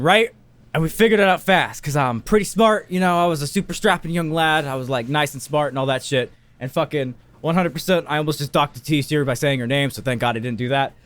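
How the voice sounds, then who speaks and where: Casting note: young man, high-pitched, swears nonstop, rants through a story, dry close sound. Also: fairly bright tone, no room sound. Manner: profane, ranting storyteller. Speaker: podcast co-host. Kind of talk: casual chat. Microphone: recorded on a voice call.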